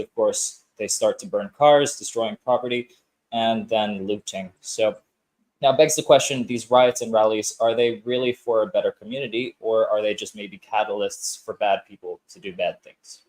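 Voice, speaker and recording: A man presenting a news story on a casual podcast, measured and hesitant with many ums. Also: fairly low pitch, fairly even intonation, a little mellow, low-quality recording.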